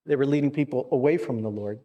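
A man's voice: medium pitch, quick pace, highs cut off. A man preaching a sermon, earnest, with repeated words and questions to the congregation. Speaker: pastor.

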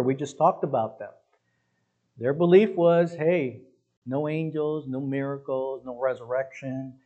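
Preaching to his congregation in a warm, slightly high voice, this pastor is emphatic yet conversational, frequently using "listen" and "guys." The sound is lo-fi.

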